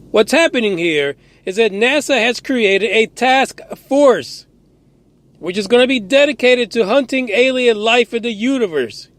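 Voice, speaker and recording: A man's voice: very high-pitched, no room sound. A man hosting a podcast, giving ranting news commentary in a profane, sarcastic and exasperated way, firing off incredulous questions. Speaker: podcast host.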